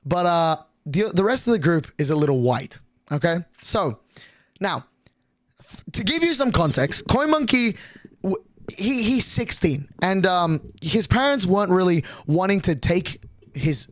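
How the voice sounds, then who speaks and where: A man's voice: high-pitched, expressive, measured pace, no echo. A young man streaming, telling a rambling, profane story to his chat with lots of restarts and fillers.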